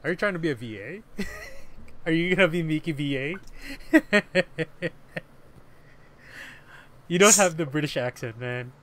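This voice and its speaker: Slow, easygoing guy chatting. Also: a little high, expressive, fairly bright tone. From Philippines. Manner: laughs often, repeats himself, swears freely. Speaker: podcast co-host. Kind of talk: casual chat.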